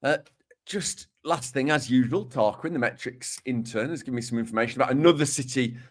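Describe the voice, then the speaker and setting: A man's voice: medium pitch, a little fast. A man with a Dudley accent, co-hosting a podcast in casual chat and reading listener letters aloud with playful emphasis. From West Midlands, England. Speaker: podcast co-host.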